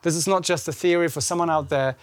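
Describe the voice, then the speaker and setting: A man with a high voice preaching a warm, conversational sermon. He talks animatedly and acts out the scripture dialogue. The sound is close and dry, with no room echo. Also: fairly even intonation, fast. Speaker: pastor. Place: church service.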